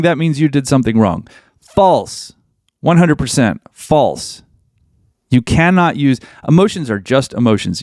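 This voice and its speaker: A man's voice: medium pitch, darkish tone, no echo, studio quality. A man hosting a podcast, giving blunt advice in an emphatic monologue and repeating his points for weight. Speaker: podcast host.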